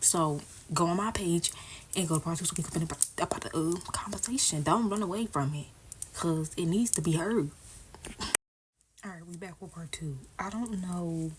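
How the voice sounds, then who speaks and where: Speaking at normal speed in a voice on the low side, a woman vlogger talks openly and casually as she styles her hair, frequently dropping to a half-whisper. The rough recording has a little hiss or hum.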